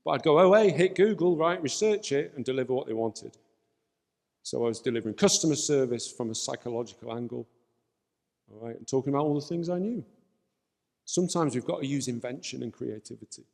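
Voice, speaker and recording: Male panelist, gravelly, animated anecdotal delivery; reverberant hall. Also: medium pitch, brisk. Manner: animated, storytelling. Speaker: panel speaker. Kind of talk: lively anecdotal panel talk. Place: event hall, shared microphone.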